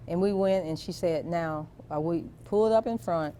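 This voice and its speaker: A woman being interviewed, telling a personal family story in a slow, soft, reflective way. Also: fairly low pitch, slight background noise.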